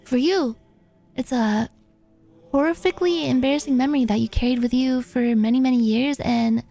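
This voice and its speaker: Brief: woman streamer, high voice, playful and animated, casually swearing while reading viewer posts. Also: normal speed, vocal fry, soft background music. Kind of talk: casual livestream chat, reading viewer submissions.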